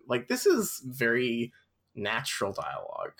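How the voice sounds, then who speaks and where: A man's voice: medium pitch, measured pace. A man co-hosting a podcast, reading a children's book aloud with dry, amused asides and frequent laughter. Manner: wry, amused, laughs often, reads in a flat deadpan. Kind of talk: casual chat with read-aloud passages.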